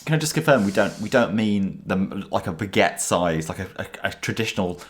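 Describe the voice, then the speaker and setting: A man co-hosting a podcast, chatting bluntly with animated banter. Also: fairly low pitch, moderate pace, slight background noise. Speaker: podcast co-host. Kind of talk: casual chat.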